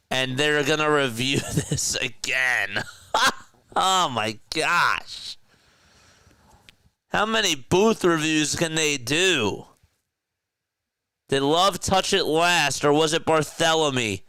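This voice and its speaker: A man with a South Jersey accent calling a basketball game as a casual live-stream play-by-play commentator, chatty and quick to correct himself. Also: a little high, pushed and bright, smooth, no room sound, studio quality. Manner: chatty, laughs easily, corrects himself mid-call.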